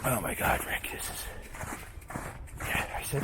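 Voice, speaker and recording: An unhurried man with a fairly high, sharp-toned voice leaves long pauses as he talks to his dog. The vlogger, who explores abandoned sites, films on a handheld camera while strolling a snowy derelict waterfront, and outdoor noise comes through.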